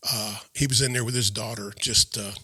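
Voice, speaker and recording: A man telling his life story in a sit-down interview, earnest and halting, often repeating and restarting his words. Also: fairly low pitch, steady tone, bright, forceful tone, husky. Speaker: interview guest. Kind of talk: personal storytelling in a sit-down chat.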